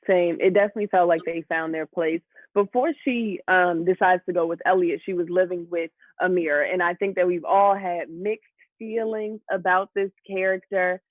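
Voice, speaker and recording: A man hosts a relaxed TV recap chat, his voice pitched high for a man. He steers the panel with questions, and the sound is thin and phone-like with no room in it. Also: normal speed, no echo. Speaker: host. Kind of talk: casual TV recap discussion.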